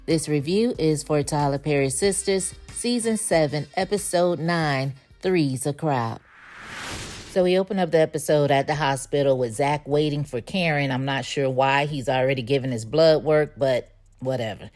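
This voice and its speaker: A woman's voice: low-pitched, normal speed, a little mellow, soft background music. A woman hosting her own channel, giving a candid, opinionated recap of a TV episode in a chatty way. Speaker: host.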